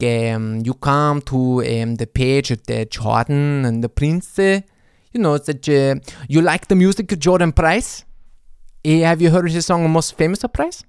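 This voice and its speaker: A man's voice: fairly high pitch, clear, resonant tone, no room sound, clean studio sound. Man putting on a bumbling foreign music distributor. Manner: halting, searching for words, mock-broken English. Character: bumbling foreign male music distributor, garbled fake accent.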